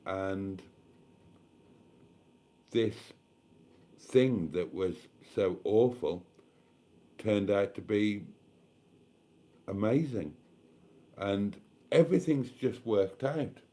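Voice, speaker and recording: A tired man hosts a late-night live stream, rambling slowly and emotionally with many pauses. His voice sits low, and a little wine and fatigue loosen his words. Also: dark tone. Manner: slow, rambling, emotional, thanking viewers. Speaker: YouTube vlogger hosting a live stream.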